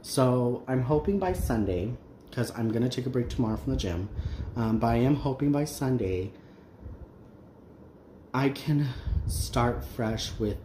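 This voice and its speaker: A man's voice: mid-range voice, expressive, a little slow, pauses often, warm tone. A man hosting a crafting channel, chatting casually and candidly while he works, with many ums and restarts. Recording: roomy echo, faint background noise.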